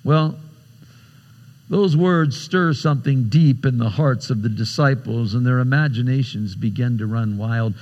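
A man preaching a sermon, retelling a scripture story dramatically with big swings in pitch and loudness. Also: a little slow, big-room sound, muffled recording.

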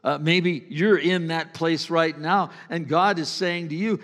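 A pastor giving a sermon in a church, talking in an earnest, conversational way that sometimes drops to a hush. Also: male voice, a little high, steady tone, measured pace, few pauses. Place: church sanctuary. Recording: long reverb of a church hall.

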